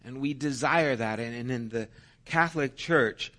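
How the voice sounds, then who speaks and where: A man's voice: medium pitch, normal speed, bright, forceful tone. A middle-aged man preaching a sermon, telling a personal story in a conversational, anecdotal way with self-deprecating humor. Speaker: pastor.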